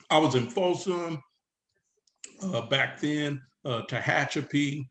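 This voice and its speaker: A middle-aged man from San Diego, a guest in a casual interview, retelling his past in a rambling, animated way full of filler words. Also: on the high side, takes it slowly. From San Diego, California. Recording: roomy echo.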